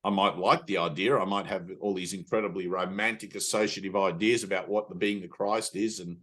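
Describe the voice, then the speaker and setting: Speaking quickly with few pauses, this middle-aged man has a low, fairly bright voice and fairly even intonation. As a spiritual teacher in an informal session with students, he's blunt and emphatic, drops the odd swear word, and voices inner thoughts as characters.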